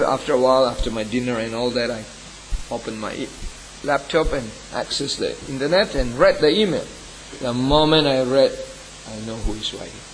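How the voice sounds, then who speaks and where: A man's voice: slight background noise, poor audio. A man, a pastor, tells a personal story in a sermon, earnest and emotional, sometimes lifting his voice sharply. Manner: earnest, emotional storytelling with sudden rises in pitch.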